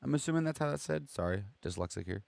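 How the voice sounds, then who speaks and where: A man's voice: mid-range voice, animated, fast talker, creaky, a little mellow, dry recording. A man in his twenties hosting a casual reaction live stream, swearing freely and laughing as he retells clips. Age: 20s.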